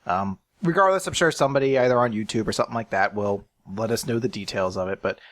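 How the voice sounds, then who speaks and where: A young man co-hosting a casual podcast chat, animated and prone to acting out loud bits. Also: mid-range voice, fast talker. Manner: animated, mimics people in loud yelling bits. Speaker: podcast co-host.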